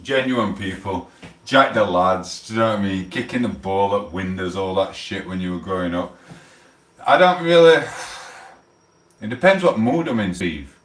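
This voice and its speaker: A man with a Sheffield accent, chatting casually on a live stream, rambling and swearing with loud outbursts. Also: low-pitched, moderate pace, reverberant, distant mic. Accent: Sheffield, South Yorkshire. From England.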